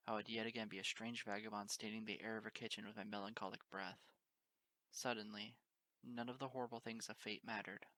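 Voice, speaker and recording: A man's voice: on the low side, pushed and bright. A man narrating a fan fiction audiobook in an earnest, emotional first-person reading. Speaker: audiobook reader.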